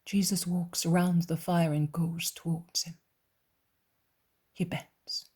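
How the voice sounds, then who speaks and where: Woman, audiobook narration, breathy, hushed, slow. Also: on the low side, flat delivery. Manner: soft, near-whispered reading. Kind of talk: scripted narration.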